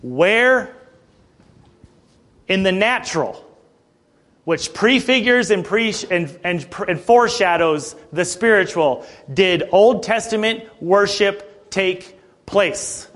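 Animated high-voiced male preacher. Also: slow. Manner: conversational, animated preaching with frequent asides. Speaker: pastor. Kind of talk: sermon.

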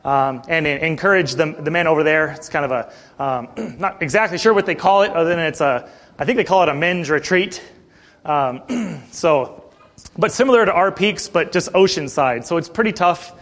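High-voiced pastor, chatty and throat-clearing. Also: male voice, normal speed, fairly bright tone. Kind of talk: sermon.

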